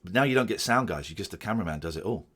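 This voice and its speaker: A man chatting casually as host, commenting on his old show with excitable, animated asides. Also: low-pitched, very fast, husky. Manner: excitable, animated, jumping into quoted voices.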